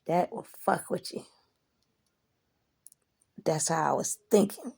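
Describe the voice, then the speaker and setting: A woman's voice: on the low side, animated, takes it slowly, vocal fry, a little mellow, husky. A woman telling a story to the camera in a casual, rambling way, swearing a lot and asking "you know?". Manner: profane, rambling, asks listener "you know?".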